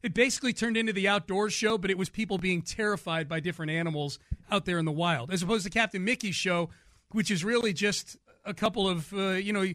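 A man hosting a radio talk show with a high, bright voice. He chats casually and laughs often. The studio sound is close and dry. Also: fast, no room sound.

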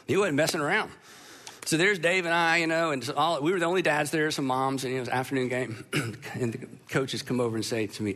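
A man speaks to an audience in a fairly high voice, telling a story with animated, self-deprecating humor. His tone is bright and forceful. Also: fairly quick. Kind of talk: storytelling talk to a live audience.

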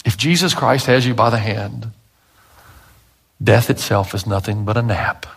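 A middle-aged male pastor preaching a sermon, emphatic and dramatic, swinging between loud bursts and hushed asides. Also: on the low side, a little slow, creaky, breathy edge.

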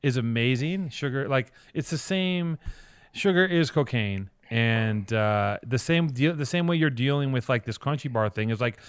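A man's voice: medium pitch, lively intonation, moderate pace, smooth, dry recording, clean studio sound. A man co-hosting a comedy podcast, rambling through tangents with lots of swearing and restarts. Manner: rambling, profane, jumps between tangents. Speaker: podcast co-host. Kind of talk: loose comedic banter.

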